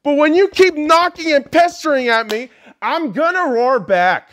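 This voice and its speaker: A man's voice: very high voice, lively intonation, normal speed, fairly bright tone. A man hosting a podcast, ranting bluntly and crudely, mocking his listeners and laughing at his own jokes. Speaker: podcast host. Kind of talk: profane solo rant.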